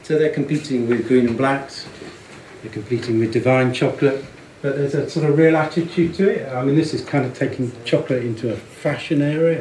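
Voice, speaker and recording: Speaking to an audience about branding and packaging, a man sounds chatty and amused and often repeats words while thinking. His voice is mid-range and darkish, and the low-quality recording is reverberant with a little hiss or hum.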